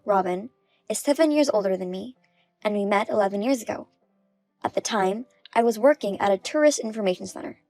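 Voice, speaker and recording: A woman in her thirties telling her own story as a first-person text-story narrator, in a plain, even manner. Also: medium pitch, no echo. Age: 30s.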